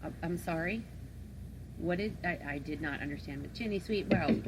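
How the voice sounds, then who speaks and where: A woman's voice: lowish voice, normal speed, noisy background. A woman co-hosting a podcast, chatting casually with a teasing edge. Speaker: podcast co-host. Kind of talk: casual chat.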